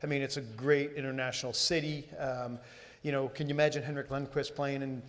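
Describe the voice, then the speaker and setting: A man's voice: mid-range voice, flat delivery, a little fast, fairly bright tone. A man in his forties, a guest at a live Q&A, answering conversationally and searching for words with fillers and restarts. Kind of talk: casual on-stage Q&A answers. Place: stage at a live event.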